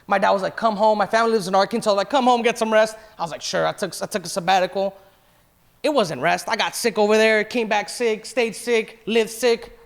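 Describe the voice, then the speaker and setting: Speaking a little fast, this thirty-something pastor has a high-pitched, creaky voice with a steady tone. He shares an emotional personal testimony in a sermon, confessional in manner and quoting both himself and other people.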